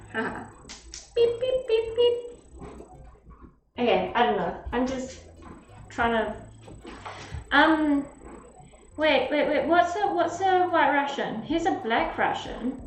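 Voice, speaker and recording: A woman's voice: fairly high pitch, recorded from a distance. A young woman streaming live, chatting casually and rambling as she reads drink recipes aloud to her viewers. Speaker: livestreamer. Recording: roomy echo, off-mic, faint music.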